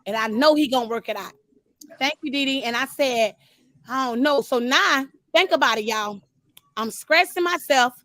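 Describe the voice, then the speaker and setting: High-voiced woman telling her story. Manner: animated storytelling, talks straight to listeners. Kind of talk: casual testimony.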